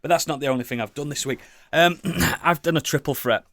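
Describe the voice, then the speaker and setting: A man chatting casually as a podcast co-host, rambling and enthusiastic, swearing often and filling pauses with ums and likes. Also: fairly high pitch, a bit bright, dry recording, studio quality. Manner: rambling, enthusiastic, swears a lot, many fillers. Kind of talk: casual chat.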